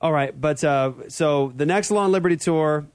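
A man hosting a talk radio show, upbeat and quick, laughing easily between remarks. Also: on the high side, no room sound, clean studio sound. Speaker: radio show host and pastor.

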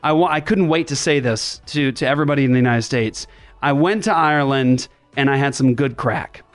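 A man hosting a casual chat show from a makeshift studio, talking in an animated, rambling way with many restarts and fillers. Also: medium pitch, brisk, faint music behind. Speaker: podcast host. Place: makeshift studio in a writers' room.

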